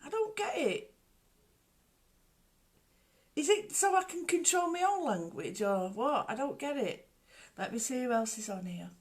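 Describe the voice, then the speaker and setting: A woman's voice: sits high, sing-song, unhurried, long pauses. A woman hosting a casual home livestream, rambling chattily and greeting viewers by name. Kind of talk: casual live chat.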